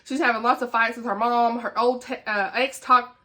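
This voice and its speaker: Southern woman book vlogger, chatty and laughing, bright and forceful voice, a little high. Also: steady tone, normal speed. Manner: chatty and laughing, with folksy asides. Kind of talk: casual chat.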